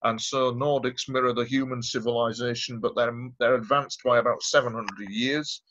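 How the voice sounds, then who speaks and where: A man talks earnestly as an interview guest, circling back and repeating his points. His voice sits at an ordinary pitch for a man. The recording sounds dull and lo-fi. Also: steady tone, normal speed, fairly bright tone. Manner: earnest, rambling, repeats himself. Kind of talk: interview storytelling.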